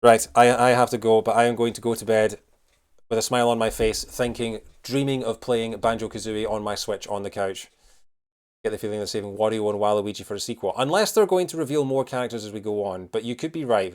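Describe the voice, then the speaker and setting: A man live-streaming, chatting casually and rambling with many fillers as he answers his chat. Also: lowish voice. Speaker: streamer reacting to news.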